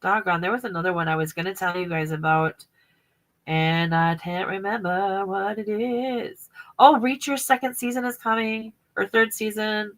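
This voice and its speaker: A woman hosting a casual podcast chat, bubbly, with quick affirmations and frequent laughs. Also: medium pitch, fairly even intonation, low-quality recording. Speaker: podcast host.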